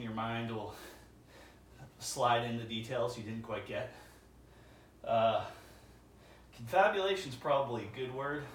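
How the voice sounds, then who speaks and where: A man's voice: mid-range voice, a little hiss or hum. A man talking casually to the camera during a gym workout, musing aloud between sets. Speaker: vlogger. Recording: echoey gym, far from mic.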